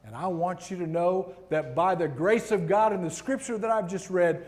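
A man giving a sermon as a guest preacher, reading scripture and speaking with slow, emphatic pauses in a large hall. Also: sits high, darkish tone. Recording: long hall reverb.

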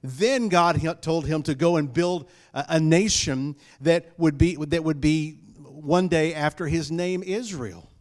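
A man preaching a sermon to his congregation, emphatic and repeating key phrases, moving between loud calls and hushed lines. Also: on the high side, measured pace, hardly any pauses.

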